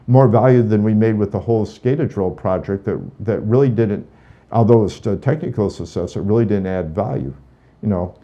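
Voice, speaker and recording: Man, interview guest, low mellow voice, earnest, repeats himself, dull lo-fi sound. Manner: earnest, repeats words while thinking. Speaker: podcast guest, drilling automation engineer. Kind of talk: casual interview talk.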